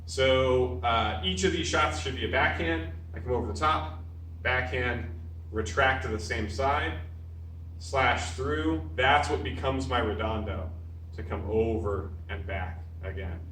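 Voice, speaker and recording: A male martial arts instructor talks through a stick drill, counting each strike aloud as he moves. His voice sits at an ordinary middle pitch. He is picked up from a distance in a roomy, echoing training space. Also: a little slow, a bit bright, slight background noise. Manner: counts strikes aloud while moving, explanatory. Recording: roomy echo, voice off-mic.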